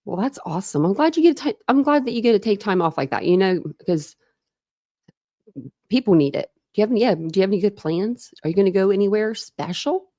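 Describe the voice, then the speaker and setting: A woman's voice: medium pitch, expressive, fast talker, warm tone, dry recording, clean studio sound. A woman in her thirties hosting a casual true crime livestream, chatting and greeting viewers by name.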